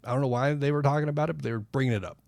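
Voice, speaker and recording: A man at a middling pitch rambles through casual podcast banter. He swears freely and circles back on himself mid-sentence. The sound is dry and close. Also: very fast, vocal fry, a little mellow, no room sound. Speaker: podcast co-host. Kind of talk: casual chat.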